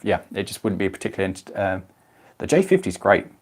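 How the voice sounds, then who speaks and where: A man's voice: low voice, very animated, fast talker. A young man, chatting casually on a live stream and answering viewers' comments by name.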